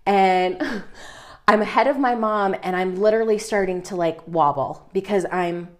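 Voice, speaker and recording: A podcast co-host tells a story with lively, comic energy, her voice mid-range and unhurried. She swears without a second thought and laughs through her words.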